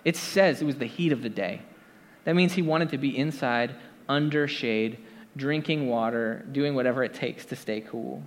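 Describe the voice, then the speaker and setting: A man's voice: medium pitch, normal speed. Man preaching, conversational, filler-heavy, asides to congregation, reverberant church hall. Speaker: pastor. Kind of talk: casual sermon.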